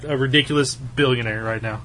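A man's voice: medium pitch, steady tone, a little fast, sharp tone. A man co-hosting a podcast, dropping wry one-liners in casual chat. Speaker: podcast co-host.

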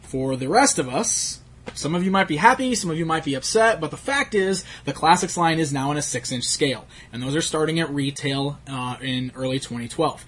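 A man's voice: on the high side, fairly bright tone, husky. A man hosting a casual chat about action figures, rambling with fillers and laughs. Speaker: toy collecting show host.

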